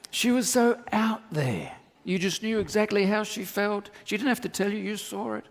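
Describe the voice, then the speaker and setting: A middle-aged Australian man preaching a sermon as pastor, telling animated stories with humorous asides. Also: high-pitched, moderate pace. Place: church hall. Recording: long reverb of a church hall.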